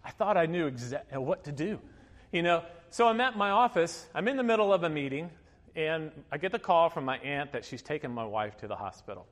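Man, 50s, pastor, chatty sermon, fairly high voice, long hall echo. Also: lively intonation, a little fast. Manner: storytelling, chatty with many fillers, laughing asides. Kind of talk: sermon with personal story.

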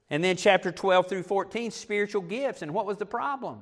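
A middle-aged male pastor preaching a sermon, animated, with self-deprecating asides. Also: high-pitched, fairly quick, few pauses.

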